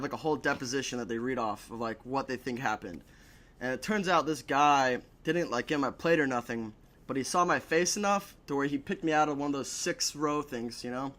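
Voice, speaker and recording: A man's voice: a little high, fairly bright tone. A young man telling a story in a casual chat, swearing a lot and laughing between lines. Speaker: podcast guest.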